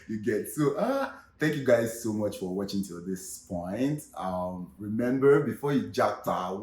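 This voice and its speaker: Nigerian man, casual vlog, relaxed, chatty, lowish voice, echoey room. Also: normal speed. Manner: relaxed, chatty, slips into Pidgin. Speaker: vlogger.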